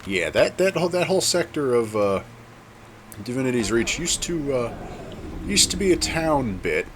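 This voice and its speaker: A man talking through his gameplay in a loose, rambling way. His pitch sits in the middle and moves around a lot, with faint noise behind him. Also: sing-song, normal speed. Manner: rambling, chatty, self-correcting. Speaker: gameplay video host. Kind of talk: casual gameplay commentary.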